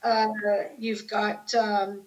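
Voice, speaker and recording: A woman's voice: mid-range voice, little pitch movement, very slow, crowd noise. Chatty woman guest, lo-fi sound. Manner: chatty storyteller, many fillers and restarts. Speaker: guest guitarist. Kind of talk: casual interview chat. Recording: dull lo-fi sound.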